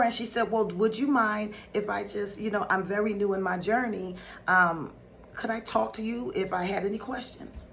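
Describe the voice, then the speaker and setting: A woman from North Philadelphia, a spiritual teacher, telling a story to her viewers in a casual, excitable way with frequent laughter. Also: medium pitch, moderate pace, a little hiss or hum.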